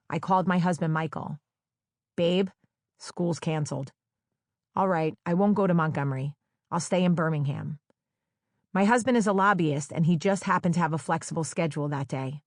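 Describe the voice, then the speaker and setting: A woman's voice: deep voice, dry recording. A woman from New Jersey narrating her own memoir audiobook in a wry, conversational storytelling manner with playful quoted dialogue, recorded on a close studio microphone. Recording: dry, close studio sound.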